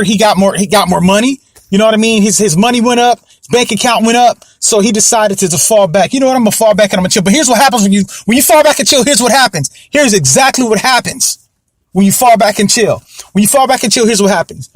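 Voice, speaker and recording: A man's voice: high voice, dry recording, studio quality. A young man hosting a casual commentary podcast, rambling and repeating himself, often asking if you know what he means. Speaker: podcast host.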